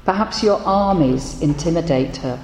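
A woman voicing a calm wise advisor who gives counsel in a told story. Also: deep voice, moderate pace, a little hiss or hum, close to an everyday voice. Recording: echoey hall with room ambience.

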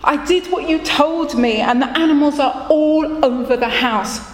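A woman's voice: high-pitched, normal speed, voice pushed up, natural voice. A woman voicing a desperate poor old farmer who pleads and wails as she tells a story. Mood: pleading. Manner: pleading, wailing. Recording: echoey hall with long reverb.

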